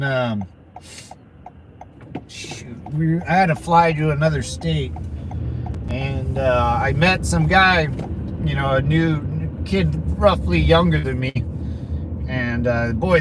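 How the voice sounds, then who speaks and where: A man with a high voice hosts a casual livestream, answering viewers in a rambling way. He laughs often between his words. Clear street and traffic noise from an outdoor city spot runs under his voice. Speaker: livestream host answering chat.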